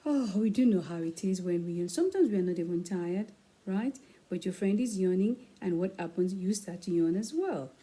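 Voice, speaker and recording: A woman hosting her own channel, reading a children's picture book aloud in a slow, expressive way with playful asides. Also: lowish voice, rough recording.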